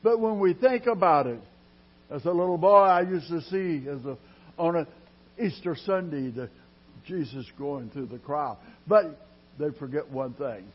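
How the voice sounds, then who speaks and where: A man preaching a sermon in a dramatic style, dropping to a hush and then rising loud, drawing his words out slowly. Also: on the high side, slightly rough. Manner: dramatic preaching with sudden loud rises and quiet drops; slow, drawn-out delivery. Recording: dull lo-fi sermon recording.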